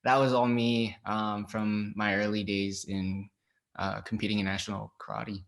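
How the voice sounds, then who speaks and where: Young male actor from Los Angeles, lowish pitch, relaxed, hesitant interview answers. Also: moderate pace, gravelly. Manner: relaxed, hesitant, many ums and likes. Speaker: actor guest. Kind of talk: casual interview.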